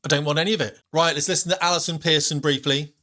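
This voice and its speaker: Man, blunt commentary host, quick delivery, bright forceful tone, soft music underneath. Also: fairly high pitch, steady tone. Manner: blunt, colloquial, says "mate". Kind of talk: opinionated video commentary.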